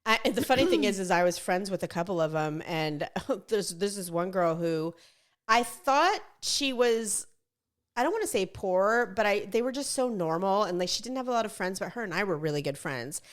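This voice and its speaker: A woman's voice: mid-range voice, animated, moderate pace. A woman co-hosting a podcast in casual chat, telling self-mocking stories with frequent laughter and an American accent. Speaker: podcast co-host.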